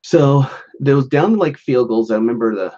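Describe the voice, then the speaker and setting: A man's voice: mid-range voice, expressive, a little fast, dark tone, highs cut off. A man hosting a casual solo podcast, rambling loosely with lots of fillers, restarts and chuckles. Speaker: podcast host.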